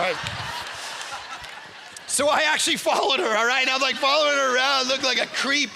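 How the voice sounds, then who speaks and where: A man's voice: very high-pitched, brisk, vocal fry, pauses often, background noise. A man in his forties, a pastor from Canada, preaching a sermon and telling stories animatedly, acting out the voices of the people he quotes.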